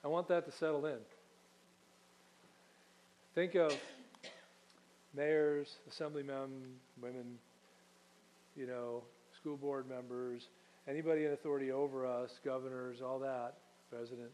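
A man's voice: mid-range voice, flat delivery, measured pace, pauses often, a little mellow, a little hiss or hum, low-quality recording. A man preaching a sermon as pastor, teaching in a conversational way and putting questions to his congregation.

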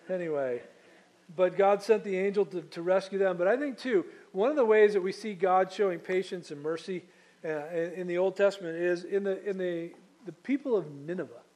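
Male pastor, somewhat high voice, chatty storytelling sermon. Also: a little mellow, rough recording. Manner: conversational storytelling, frequent restarts and asides.

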